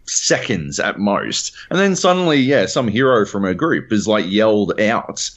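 A man's voice: fairly low pitch, sing-song, a little slow, fairly bright tone. A man co-hosting a gaming podcast, interjecting and retelling events with sweary commentary. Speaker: podcast co-host. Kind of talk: casual chat. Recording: dull lo-fi mic.

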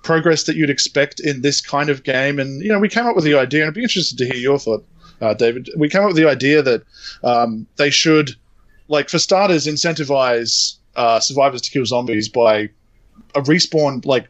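A man hosting a gaming podcast, casually telling an animated story, acting out the quotes and swearing freely. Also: medium pitch, fairly quick. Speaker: podcast host. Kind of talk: casual chat.

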